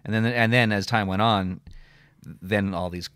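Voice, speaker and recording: A man's voice: fairly low pitch, steady tone, measured pace, fairly bright tone, no echo, studio quality. A middle-aged man, a comedian and radio host, telling rambling stories with lots of filler words and some swearing in a casual interview.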